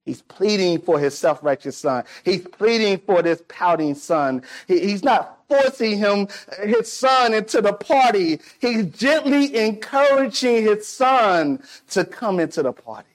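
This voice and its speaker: A man preaching a sermon, animated, swinging between loud declarations and hushed asides, acting out the people in the story. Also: high-pitched, a little slow, hardly any pauses. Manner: acts out quoted voices of people in the story.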